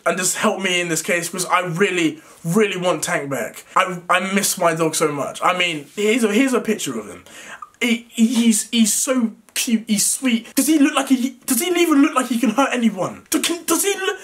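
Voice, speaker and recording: A man's voice: high-pitched, bright, forceful tone. A young man ranting to camera in a vlog, agitated and stammering, often restarting his words. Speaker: YouTuber. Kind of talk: emotional vlog rant.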